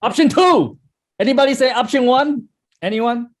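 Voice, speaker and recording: A man's voice: extremely high pitch, moderate pace. A man teaching a sales class in a blunt, scolding way, swearing and quizzing his students. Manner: blunt, scolding, swears, acts out sample calls. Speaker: sales trainer. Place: training room with a class.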